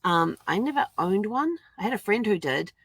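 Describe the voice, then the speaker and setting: An older woman, a grandmother, chatting casually on a livestream from inside her RV, laughing often and acting out quotes with lively shifts in her voice. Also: medium pitch, normal speed, husky, no echo. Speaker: vlogger.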